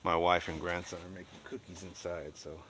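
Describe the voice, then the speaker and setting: A man's voice: sits low, little pitch movement, fairly quick, heavy background noise. A middle-aged man at home, chatting blunt and opinionated on a live stream as he reads and answers his chat, rambling with restarts. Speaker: livestreamer reading and answering chat.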